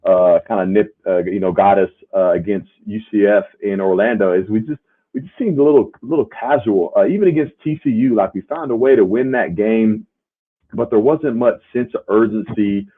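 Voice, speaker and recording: A man's voice: fairly low pitch, normal speed. A man who once played the sport, co-hosting a podcast and making emphatic, punchy points. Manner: emphatic, punchy, tag questions. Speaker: podcast co-host, former player. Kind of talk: casual sports chat. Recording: tinny phone-like sound.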